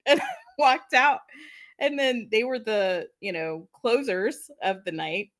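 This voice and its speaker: A woman's voice: on the high side, animated, unhurried, fairly bright tone. A woman hosting a casual interview, laughing often and sharing her own story. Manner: laughs often, chatty and responsive. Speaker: interview host. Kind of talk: casual chat.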